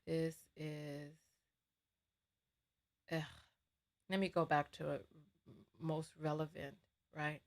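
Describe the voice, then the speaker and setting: A woman's voice: sits low, little pitch movement, takes it slowly, long pauses. A woman hosting a live commentary stream, heated and indignant, repeating her words. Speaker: livestream host.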